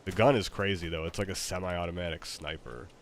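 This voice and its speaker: Male gamer, very low voice, hesitant casual chat, faint noise behind. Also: steady tone, brisk. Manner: hesitant, stammering, laid-back. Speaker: gamer streaming a match.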